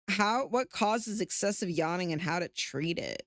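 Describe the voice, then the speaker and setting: A woman's voice: on the low side, lively intonation, normal speed, hardly any pauses, dry recording, studio quality. A sleepy woman streaming from home, chatting casually, swearing freely and laughing often. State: sleepy, yawning. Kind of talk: casual chat.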